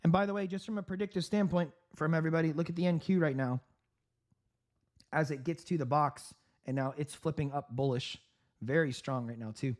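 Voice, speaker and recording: A man hosting a live trading stream, giving upbeat market commentary with frequent laughs, clearing his throat and coughing from a sore throat. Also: fairly high pitch, a little fast, a little mellow. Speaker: trading livestream host.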